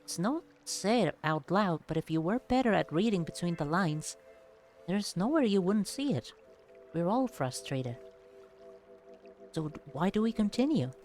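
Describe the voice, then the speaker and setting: A woman's voice: mid-range voice, expressive, measured pace, a little mellow, soft background music, natural voice. A woman reading as a wry old machine mind. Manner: dry teasing, reflective.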